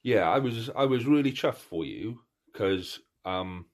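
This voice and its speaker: Low-voiced chatty man hosting a podcast. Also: unhurried. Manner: animated storyteller, acts out crowd cheers; chatty, many restarts and fillers. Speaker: podcast host. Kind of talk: casual chat.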